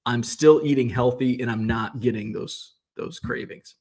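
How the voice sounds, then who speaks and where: A man talks off the cuff from behind the wheel, rambling from one complaint to the next. He swears freely and sounds exasperated as he vents. His pitch sits in an ordinary middle range. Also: moderate pace, a little mellow. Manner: rambling, profane, exasperated ranting. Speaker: vlog host. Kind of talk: casual rambling monologue.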